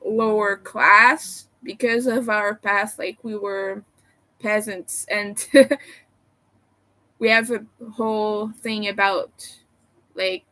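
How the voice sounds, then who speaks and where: Slow, hesitant Quebec-accented woman. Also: mid-range voice, steady tone, bright, forceful tone, dry recording. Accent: Quebec French. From Quebec, Canada. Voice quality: meandering, hesitant delivery full of fillers. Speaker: livestreamer. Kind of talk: casual live-stream chat.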